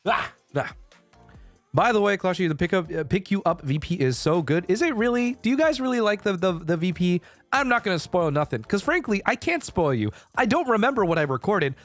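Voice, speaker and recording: Lively rambling young male streamer. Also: sits high, fairly quick, soft background music. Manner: rambling, playful, swears freely; frequent laughter and restarts. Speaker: VTuber streamer. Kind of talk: casual chat stream.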